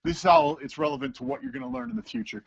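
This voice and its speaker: Man, teacher, lively storytelling, gravelly, lo-fi call audio. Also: very high-pitched, very fast. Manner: animated storyteller who acts out voices. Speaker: teacher, interview guest. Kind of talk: casual interview talk.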